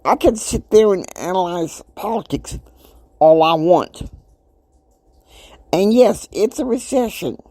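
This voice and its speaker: A man in his fifties delivers a motivational podcast monologue with a lively, swooping pitch. He talks emphatically and preachily, dropping into quiet asides, then bursting out loud. The sound is dry and close, with no room in it. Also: slow, pauses often, dry recording. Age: 50s. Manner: emphatic, preachy, swings between soft asides and loud outbursts. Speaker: podcast host.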